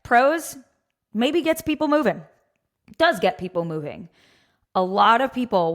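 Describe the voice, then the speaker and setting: A woman in her thirties co-hosting a fitness podcast, giving candid opinions while thinking aloud with lots of fillers. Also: fairly low pitch. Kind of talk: casual opinionated chat.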